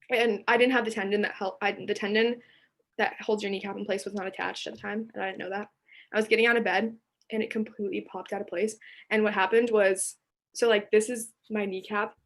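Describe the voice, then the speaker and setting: A teenage girl telling a story as a podcast guest, chatty and animated, full of fillers. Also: medium pitch, brisk. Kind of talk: casual chat.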